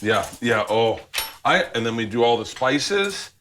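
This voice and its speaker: Male host cooking on camera, brash sweary banter, mid-low voice, faint kitchen noise. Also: very animated, a little slow. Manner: loud, profane, laughing banter. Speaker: show host. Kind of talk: casual chat while cooking.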